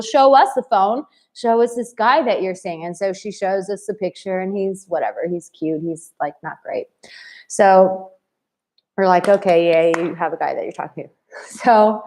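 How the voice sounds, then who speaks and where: A woman dating coach in her thirties talking casually to camera, blunt and animated, acting out the people in her stories. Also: medium pitch. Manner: animated and blunt, acts out quoted voices.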